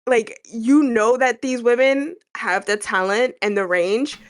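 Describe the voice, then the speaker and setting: Her voice sits on the high side, a little slow, and sounds nasal and stuffy because of a cold; she's a little sick. As co-host of a casual music reaction video, she gushes animatedly and swears without restraint.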